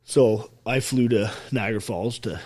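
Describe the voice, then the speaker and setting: A man's voice: lowish voice, moderate pace, darkish tone, slightly rough. A man from Ontario, an army veteran telling his story as a podcast guest, blunt and emphatic with constant swearing. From Ontario, Canada. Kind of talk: casual interview storytelling.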